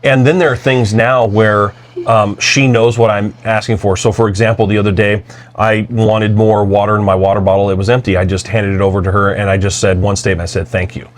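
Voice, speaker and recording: A man's voice: on the low side, flat delivery, fairly quick. A man co-hosting a podcast, talking in an earnest, reflective way with frequent restarts. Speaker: podcast co-host. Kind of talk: casual conversational podcast talk.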